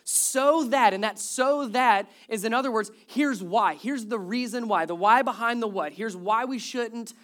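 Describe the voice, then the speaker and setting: A man's voice: sits high, normal speed, few pauses, fairly bright tone. A man in his thirties preaching a sermon as pastor, speaking conversationally, with wry humor and repeated emphasis on key words.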